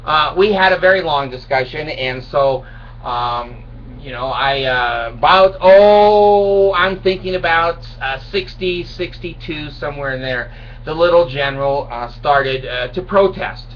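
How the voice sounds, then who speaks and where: Speaking at a measured pace in a fairly high voice, a sixty-something video blogger rambles through a self-mocking funny story to camera. It's a dull, far-off home recording carrying a faint hiss.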